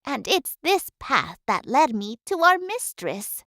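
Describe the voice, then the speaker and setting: A humble, devoted housekeeper in a video game who talks reflectively and at length. Her voice is bright and fairly high with lots of movement. She speaks slowly. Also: big pitch swings, no room sound, studio quality, heavily acted. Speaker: housekeeper of a manor. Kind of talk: game voice acting.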